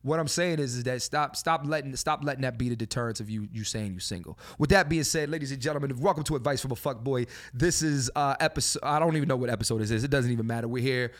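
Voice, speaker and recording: A man hosting a podcast in a studio, talking in a loose, animated way with lots of swearing and filler phrases. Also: mid-range voice, quick pace, hardly any pauses. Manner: animated, swearing, repeats "you know what I'm saying". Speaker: podcast host. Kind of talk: casual podcast chat.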